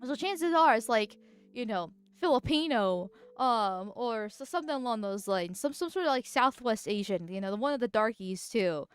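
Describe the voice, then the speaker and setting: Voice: medium pitch, lively intonation, normal speed, smooth, dry recording. A political vtuber streamer chatting casually and reading chat, speaking through a voice changer in a rambling, giggly way. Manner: rambling and giggly, with frequent restarts.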